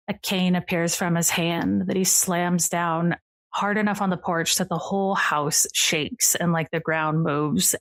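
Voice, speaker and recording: A woman's voice: lowish voice, dry recording. A woman narrating a tabletop game as game master in a casual, rambling way, with many fillers.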